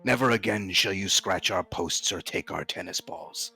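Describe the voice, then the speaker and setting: Heroic dog monk, male, solemn and formal, low-voiced, played by a man running the game. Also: moderate pace, gravelly, bright, forceful tone, slightly rough, soft background music, heavily acted. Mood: commanding. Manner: earnest, formal heroic speech.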